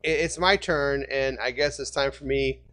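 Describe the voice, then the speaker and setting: A man hosting a casual sports fan podcast, joking around and sometimes breaking into loud shouts. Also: medium pitch, moderate pace. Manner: jokey, bursts into shouting. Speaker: podcast host.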